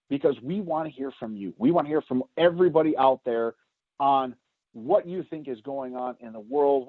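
A man co-hosting a political podcast, talking loudly and emphatically, getting louder when he is excited. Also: mid-range voice, no room sound. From United States. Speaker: podcast co-host. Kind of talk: opinionated political podcast talk. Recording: tinny phone-like sound.

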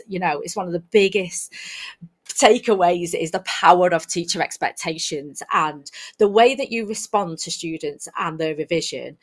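A woman with a fairly low voice, speaking as a guest on a podcast. She talks with energy and animation and keeps dropping in "you know" as she tells classroom stories. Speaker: guest teacher. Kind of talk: casual conversational podcast chat.

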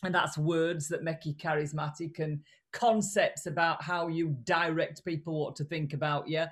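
Speaking at normal speed in a low voice, a regionally British-accented communication coach chats as a guest on a casual video-call interview. She comes across as animated and blunt, talkative, with frequent restarts.

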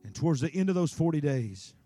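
Animated preacher, high voice. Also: male voice, fast talker, no echo, faint music behind. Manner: animated, emphatic, swinging between loud peaks and quiet asides. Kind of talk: sermon.

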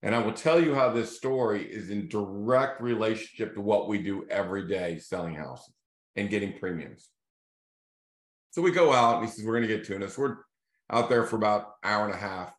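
A man hosting a casual video series, telling a fishing story in a loose, animated way and acting out the voices of the people in it. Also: fairly low pitch, a little fast. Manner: animated storyteller who acts out quoted voices. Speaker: real estate team leader hosting a video series. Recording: echoey room.

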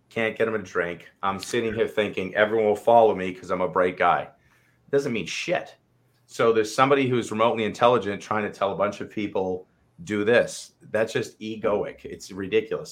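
Middle-aged guy, lowish voice, earnest coach talking it out, swears a bit, acts out his own thoughts. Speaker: coach and co-host. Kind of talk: candid live-stream conversation.

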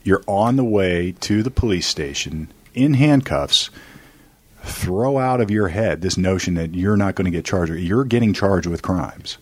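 A man's voice: low-pitched, expressive, unhurried, darkish tone, slightly rough, dry recording. A man in his forties, a lawyer hosting a casual chat, rambling through stories with quoted asides. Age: 40s. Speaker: lawyer and podcast host.

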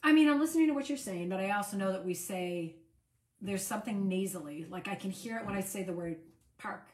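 A woman from Buffalo, New York co-hosts a relaxed beer tasting, teasing her partner and reading can labels aloud. Her pitch is ordinary for a woman, and the room adds noticeable echo. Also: fast. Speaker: beer-tasting show co-host. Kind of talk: casual chat.

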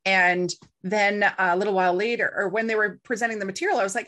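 A middle-aged woman appears as an interview guest, telling a story casually and animatedly while acting out the voices of the people she quotes. Her voice is medium-pitched, and she talks fast with hardly any pauses.

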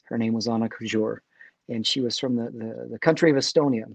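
A middle-aged man speaking earnestly as a guest, often halting and restarting his sentences. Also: mid-range voice, steady tone, vocal fry, no room sound. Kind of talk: faith conversation.

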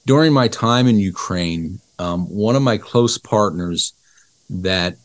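A middle-aged man telling a story as an interview guest, lively and acting out the dialogue of the people in it. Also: fairly low pitch, takes it slowly, no room sound. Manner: animated storyteller who acts out dialogue. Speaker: interview guest, business educator.

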